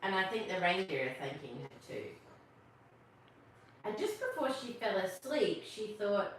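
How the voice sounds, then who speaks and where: A woman's voice: mid-range voice, sing-song, unhurried, pauses often, slight background noise. A woman hosting a live story time, reading a picture book aloud and amused by its jokes. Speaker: storytelling host. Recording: echoey room, far from the mic.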